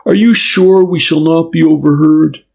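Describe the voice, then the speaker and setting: A man's voice: fairly high pitch, steady tone, moderate pace, vocal fry, darkish tone, voice pushed up. A man voicing a courteous but firm middle-aged detective inspector who presses politely. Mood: polite pressing.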